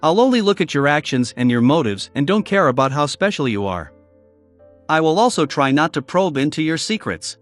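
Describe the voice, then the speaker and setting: A male narrator voicing a cautious, secretive young male investigator in an audiobook, measured and solemn. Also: a little high, sing-song, faint music behind.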